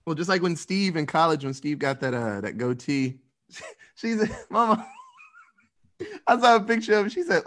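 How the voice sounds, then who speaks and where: A man hosting a loose chat with friends, easygoing and quick to laugh. His voice is lively and moves a lot in pitch, sitting a bit higher than most men's. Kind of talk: casual chat.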